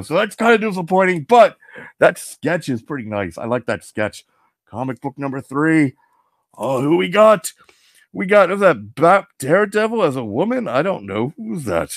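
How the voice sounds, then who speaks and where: A man playing Venom, a boastful alien symbiote, in a goofy, excitable in-character comic unboxing. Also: high-pitched, no room sound, studio quality, exaggerated voice. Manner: goofy, excitable, answers himself with "yes".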